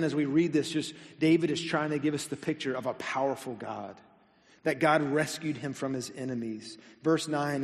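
Man preaching in a reverberant hall. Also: fairly high pitch. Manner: reads scripture slowly, then talks casually with light humor. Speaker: pastor. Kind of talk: sermon. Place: church sanctuary.

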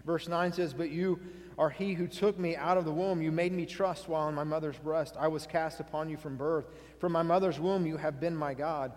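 A man's voice: on the high side, steady tone, normal speed, a little mellow, slight background noise. A male pastor preaching a sermon, earnestly asking his congregation questions and reading scripture aloud. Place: church sanctuary. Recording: long hall reverb.

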